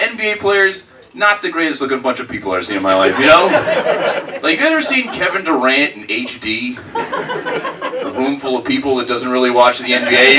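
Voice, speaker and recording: A man doing a stand-up comedy set, rambling and self-deprecating, saying "like" and "man" a lot, recorded live in a comedy club. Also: a little high. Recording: live club audio, mic heard from a distance, crowd noise.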